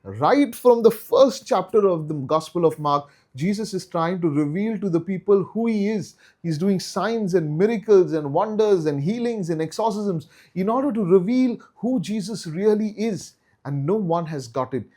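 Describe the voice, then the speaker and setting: A man's voice: high-pitched, expressive, moderate pace, warm tone. A man teaching a Bible study in an earnest way, repeating key phrases for emphasis.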